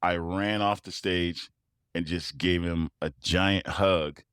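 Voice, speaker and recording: A man, a tuba player, telling personal stories as a guest, animated and often laughing. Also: sits low, takes it slowly, clean tone, dry recording, clean studio sound. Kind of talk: interview storytelling.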